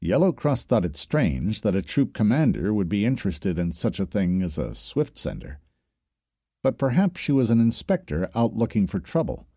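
A man narrating a science-fiction story as an audiobook, telling it steadily with expressive shifts. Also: on the low side, no room sound, clean studio sound.

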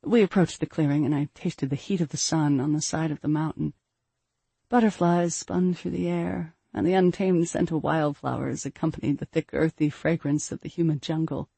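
A woman narrating a first-person fantasy story in a measured, steady way. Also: low-pitched, gravelly, slightly rough, dry recording. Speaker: audiobook narrator.

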